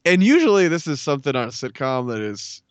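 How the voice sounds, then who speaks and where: A man's voice: medium pitch, big pitch swings, fast, no room sound, highs cut off. A man co-hosting a podcast, recapping a sitcom episode in casual chat. He laughs often, swears freely, and acts out quoted lines. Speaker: podcast co-host.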